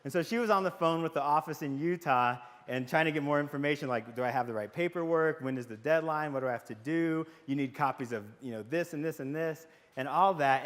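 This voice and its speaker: Man, relaxed storyteller, talks to the crowd, reverb from a big hall. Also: fairly high pitch. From Waco, Texas. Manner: casual, storytelling, jokey, questions the audience. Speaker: psychology professor. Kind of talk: convocation talk to students. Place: large hall with audience.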